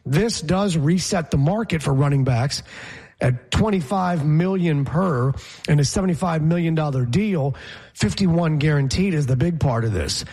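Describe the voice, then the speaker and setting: A man's voice: on the high side, normal speed, a little mellow, breathy edge. A man co-hosting a sports talk show, chatting casually and quizzing his co-host with opinions. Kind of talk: casual sports radio chat.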